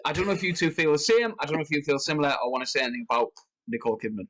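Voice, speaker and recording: A man with a fairly high voice talks through a casual film chat. He rambles, restarts often and his pitch leaps up when he gets heated. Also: racing, fairly bright tone, poor audio. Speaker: podcast co-host.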